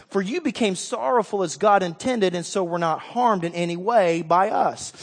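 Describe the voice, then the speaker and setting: A man preaching a sermon as pastor, emphatic, swinging from quiet, low passages to loud, rousing calls. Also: lively intonation, normal speed, hardly any pauses, in a large hall.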